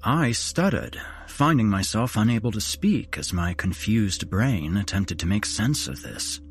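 A man hosting a horror podcast, narrating a first-person ghost story in a measured, dramatic way. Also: lowish voice, expressive, a little hiss or hum.

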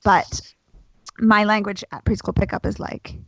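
A woman's voice: medium pitch, level tone, a little slow, vocal fry, dry recording. Chatty woman cohost, lots of ums, dry kinda muffled sound. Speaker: podcast co-host. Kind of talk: casual chat.

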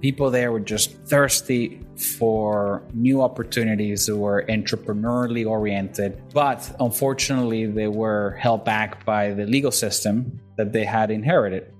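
A man from Venezuela, a guest in an interview, telling stories in a lively way, acting out the people in them and laughing along. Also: lowish voice, moderate pace, faint music behind. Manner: animated storyteller, acts out quotes and laughs. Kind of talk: storytelling in an interview.

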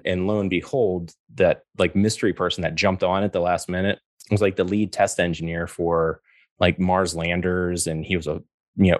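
A man's voice: low voice, no room sound, clean studio sound. A middle-aged man telling stories in a casual interview, acting out the voices of the people he quotes and laughing often. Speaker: guest.

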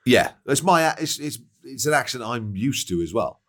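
A man, chatting on a podcast, agreeable and quick to laugh. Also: mid-range voice, very animated. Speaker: podcast co-host. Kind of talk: casual podcast chat.

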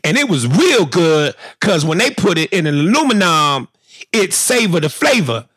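A man doing a halting, earnest ex-athlete impression. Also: on the high side, big pitch swings, a bit bright, breathy edge, no echo, studio quality, pitched above the performer's own voice, heavily acted. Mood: boasting. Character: impression of a famous retired basketball star, man.

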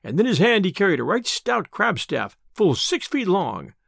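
A man narrating an old tale aloud in expressive, old-fashioned storytelling. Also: high voice, moderate pace, vocal fry, no echo, clean studio sound.

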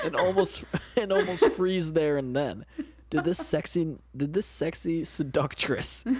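A man's voice: fairly high pitch, a bit bright, breathy edge. Man reading a story aloud, joking between lines. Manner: joking, interrupting with quips and laughs. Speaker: podcast co-host. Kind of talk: comedic reading of a story with commentary.

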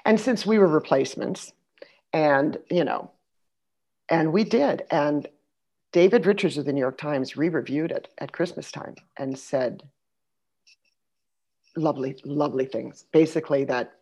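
A middle-aged woman with a low, deep speaking voice tells stories in a relaxed conversation. She gets animated and acts out the people she quotes, then drops into quiet asides. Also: unhurried, long pauses, breathy edge. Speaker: podcast guest, actress. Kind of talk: casual conversational storytelling.

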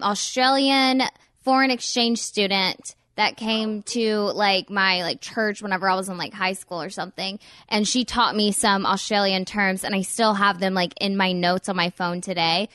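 A young American woman hosting a podcast in casual chat, gushing and warm with lots of filler words. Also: mid-range voice, fairly even intonation, moderate pace, no room sound, studio quality. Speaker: podcast host.

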